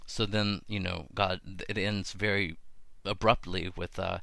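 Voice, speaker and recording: Man, low voice, gravelly, casual podcast talk, thinks aloud with fillers, dry close recording. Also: steady tone, a little slow, pushed and bright, no echo. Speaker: podcast host. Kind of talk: casual talk on biblical texts.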